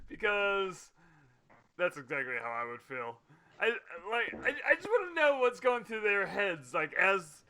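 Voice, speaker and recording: Lively high-voiced man, laughing easily. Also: unhurried. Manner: laughs easily, jumps in with playful riffs. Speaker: podcast co-host. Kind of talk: casual chat.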